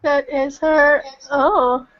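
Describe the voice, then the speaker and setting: A woman's voice: sits high, steady tone, very slow. A woman in a study group, chatting casually and asking curious questions. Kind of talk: casual chat. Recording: dull lo-fi audio.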